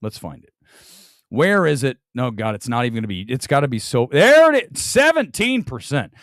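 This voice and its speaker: A man's voice: medium pitch, very animated, moderate pace, a bit bright, no echo, clean studio sound. A man hosting a movie review show, ranting combatively about critics' reviews with mocking, theatrical outbursts. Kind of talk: ranting commentary on film reviews.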